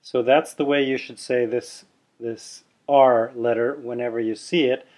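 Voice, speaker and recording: A man's voice: medium pitch, steady tone, a little slow, a little mellow. A man teaching a pronunciation lesson on video, patiently explaining and demonstrating sounds aloud, sometimes correcting himself in a casual way. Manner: self-correcting, casually chatty. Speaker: language teacher. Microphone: camera mic, seen on video. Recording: dull lo-fi video audio.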